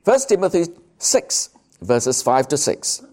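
A man preaching a sermon, slow and emphatic, drawing out key words. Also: a little high, sing-song, darkish tone.

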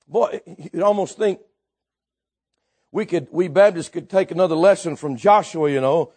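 A man preaching a Baptist sermon, building fervently to shouts and dropping low again, with chuckles between points. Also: normal speed. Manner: fervent, rises to shouting then drops low.

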